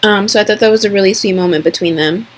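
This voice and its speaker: A young woman talks through a TV episode recap in a loose, excitable vlog voice. She piles on fillers and slips into quick, exaggerated impressions of the characters. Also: mid-range voice. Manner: chatty and excitable, full of fillers and "like".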